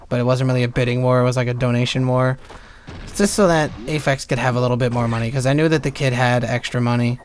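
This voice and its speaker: A man giving rambling, sarcastic gameplay commentary, swearing freely at his viewers. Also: medium pitch. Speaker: let's play commentator.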